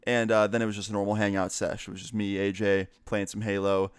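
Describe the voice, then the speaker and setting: Smooth-voiced man telling a casual story. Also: fairly low pitch, fairly quick, dry recording. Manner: relaxed, chatty, swears, many fillers. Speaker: storyteller vlogger.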